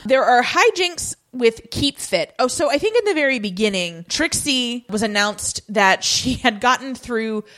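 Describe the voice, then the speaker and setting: A woman with a fairly high voice chats casually while recapping a TV episode. She tells it with lively energy and acts out characters in playful voices. She laughs and swears easily along the way. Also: unhurried, few pauses. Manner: animated storytelling, acting out lines in playful voices. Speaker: podcast co-host recapping a TV episode. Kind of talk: casual chat.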